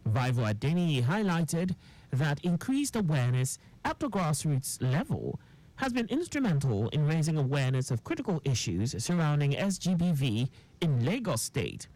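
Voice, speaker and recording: A newsreader, reading a radio news bulletin in a formal, measured way. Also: medium pitch, no echo, rough recording. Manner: formal, measured read with lively intonation.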